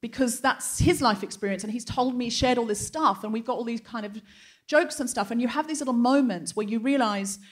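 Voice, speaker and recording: A woman's voice: fairly high pitch, a little fast. Wry woman telling a comic story. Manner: chatty anecdotal, wry punchlines. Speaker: host. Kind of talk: live comedic storytelling. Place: theatre stage before a live audience.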